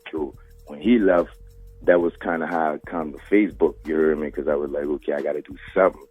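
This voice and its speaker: Fast and husky with a rumbling low pitch and fairly even intonation, this Louisiana man talks over soft background music on a tinny phone-line radio call. He's a podcast host from New Orleans with the city's accent, keeping his interview casual with plenty of street slang and "you heard me."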